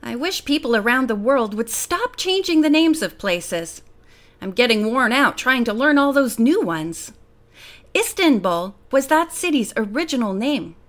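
A woman's voice: fairly high pitch, expressive, measured pace. A woman voicing a fussy, easily flustered older female housekeeper who talks in a put-upon, complaining way, in an audiobook reading. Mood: exasperated.

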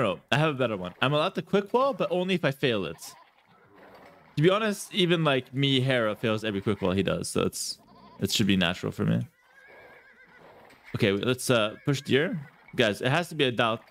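A man's medium-pitched voice comes across animated and a little fast as he plays a strategy game on stream. His commentary is casual, playful and chatty, addressed to "guys," with words repeated as he thinks.

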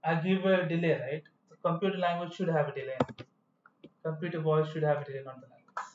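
A man's voice: fairly high pitch, fairly even intonation, fast, slight background noise. A man giving a coding tutorial with rambling, self-correcting explanations. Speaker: programming tutor. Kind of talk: screen-recorded coding tutorial. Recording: echoey, dull room sound.

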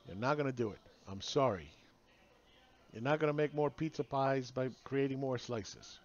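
A man's voice: medium pitch, normal speed, dull audio. A man ranting sarcastically in a solo video monologue, mocking the people he argues against. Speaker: market commentator.

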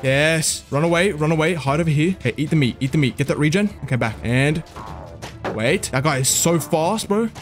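Young male gaming host, fairly high voice, panicky and excitable commentary, light music underneath. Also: fairly quick. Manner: excitable, panicky, swears and repeats himself. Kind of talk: live gameplay commentary.

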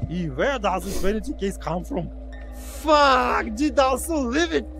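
A man's voice: very high voice, expressive, a little slow, creaky, bright, forceful tone, faint music behind, exaggerated voice, poor audio. An actor playing a grumpy, crude, foul-mouthed man in game dialogue, swearing as he grumbles. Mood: grumbling.

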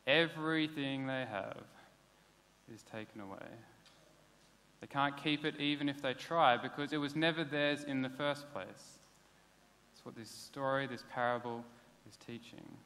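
A pastor, preaching a sermon in a casual, conversational way. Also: male voice, medium pitch, unhurried, sharp tone. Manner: conversational, plain-spoken preaching with casual asides. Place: church hall. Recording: long hall reverb.

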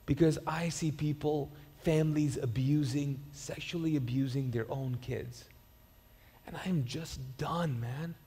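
A man's voice: a little high, steady tone, unhurried, warm tone, breathy edge, in a large hall. A man preaching a sermon as pastor, conversational and storytelling, with frequent restarts and repeated words. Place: church auditorium.

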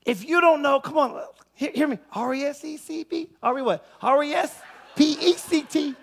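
A male pastor preaching a sermon, calling out to his congregation and getting them to answer back, building up to shouted peaks. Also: very high voice, moderate pace, gravelly, slight background noise. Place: church sanctuary.

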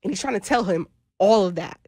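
A woman's voice: medium pitch, brisk, breathy edge, no echo, clean studio sound. A woman co-hosting a podcast, telling a story in casual chat and laughing often as she goes. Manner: animated, laughs often while telling stories. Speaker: podcast co-host.

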